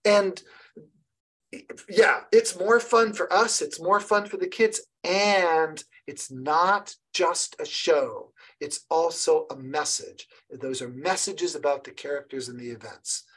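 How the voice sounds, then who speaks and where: A woman leading an online training session for early childhood educators, lively and encouraging, often restarting her sentences. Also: sits low, takes it slowly, breathy edge, low-quality recording. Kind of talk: online professional development session.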